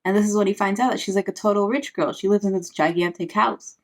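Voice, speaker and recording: A woman's voice: medium pitch, fast. A woman, a parent, giving a casual, sarcastic recap of a book, full of "like" fillers. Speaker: book reviewer.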